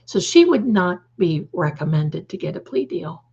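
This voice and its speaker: A woman's voice: lowish voice, sing-song, moderate pace, warm tone, husky, dull audio. A woman hosting a casual livestream, reading the chat aloud, calling her viewers darling and adding snarky, opinionated asides. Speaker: livestream host.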